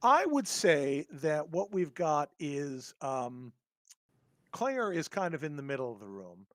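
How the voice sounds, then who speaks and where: As game master of a tabletop horror game, a man narrates in a slightly high, sing-song voice. He sits right on a dry, close mic with no echo, and his halting descriptions are full of ums and restarts.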